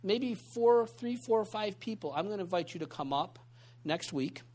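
A man with a notably high voice preaches to a church group in a relaxed, chatty way. He tells his stories with lots of asides and restarts, keeping the feel of an informal teaching session. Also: normal speed. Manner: conversational, animated storytelling with many asides. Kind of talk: informal sermon with storytelling. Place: church meeting room.

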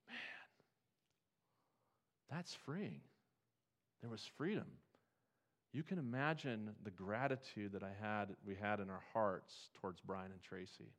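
A man preaching a sermon, telling stories and moving between quiet, reflective passages and loud, emphatic ones. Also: lowish voice, measured pace, long pauses. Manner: storytelling, swings from quiet to emphatic.

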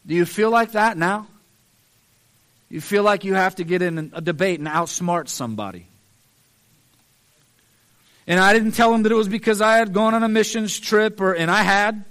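A man with a notably high voice preaches a heartfelt sermon. He talks earnestly and pleads with his listeners, lifting his voice on the phrases he repeats. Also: a bit bright.

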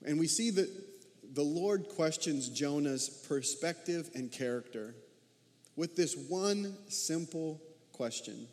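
A man in his thirties preaching a sermon as a pastor, talking in an animated way and asking his listeners many questions. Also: on the high side, measured pace. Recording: long reverb of a large hall.

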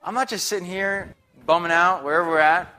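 A man's voice: high-pitched, fairly quick, bright, forceful tone. A young man preaching a sermon in a chatty, upbeat, conversational way, often checking in with the congregation. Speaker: guest preacher.

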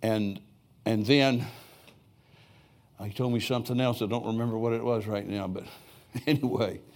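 An older preacher speaks from a church sanctuary in a fairly low, slightly mellow voice, with fairly even intonation at a normal speed. His sermon unfolds through folksy stories and chuckled asides.

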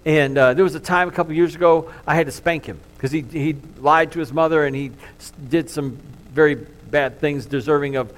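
A middle-aged man preaching, his voice sitting a little high for a man. He tells the story earnestly, pushing some lines out loudly and letting others sink to a hush. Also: brisk, hardly any pauses. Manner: earnest storytelling, swings from loud to hushed. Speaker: pastor. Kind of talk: sermon.

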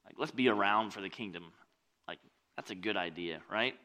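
Bright-voiced joking male pastor. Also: fairly low pitch, a little fast. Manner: conversational, joking asides; swings from loud and lively to quiet. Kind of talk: sermon.

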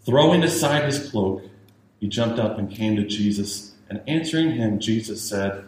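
A man's voice: fairly low pitch, animated, normal speed, a little mellow. A male pastor preaching a sermon with emphatic repetition, building to raised urgency. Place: church sanctuary. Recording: very echoey church with faint hiss.

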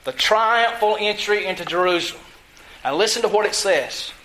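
A man preaching a sermon, teaching from scripture with emphasis and putting questions to his listeners, drawing some words out slowly for stress. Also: sits high, pushed and bright, a little hiss or hum, rough recording. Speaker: pastor.

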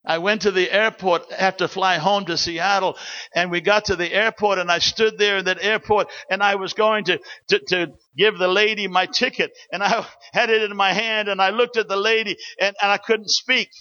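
Male preacher, raised pitch, forceful sermon delivery, muffled lo-fi recording. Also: fairly even intonation, normal speed. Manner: storytelling preacher, emphatic exhortations. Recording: dull lo-fi recording.

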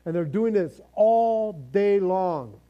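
A man's voice: high-pitched, expressive, slow pace, dull audio. A man preaching a sermon, reading scripture and then explaining it in a casual, joking, conversational way with many asides. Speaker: pastor.

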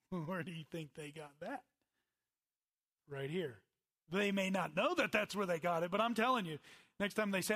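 A man preaching a conversational sermon, swinging from loud emphatic bursts to quiet asides. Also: high voice, moderate pace, long pauses. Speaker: pastor.

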